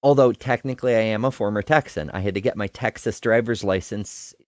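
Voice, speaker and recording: A man's voice: fairly low pitch, brisk, a little mellow, no echo, clean studio sound. A man from the Northeastern US hosting a casual debate review chat, telling stories and laughing often. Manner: chatty, storytelling, laughs often. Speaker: host.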